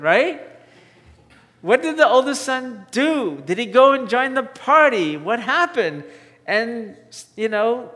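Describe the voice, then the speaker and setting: A man's voice: sits high, a bit bright, big-room sound. A male pastor giving a sermon in a conversational way, often asking his listeners questions. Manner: conversational preaching, asks the audience questions.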